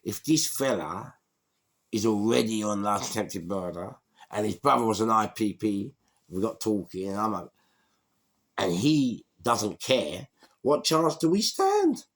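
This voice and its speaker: A man in his sixties with a London accent, telling a street story in a slangy, animated way. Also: lowish voice, measured pace. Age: 60s. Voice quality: gravelly. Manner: animated, slangy, acts out voices. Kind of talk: storytelling monologue.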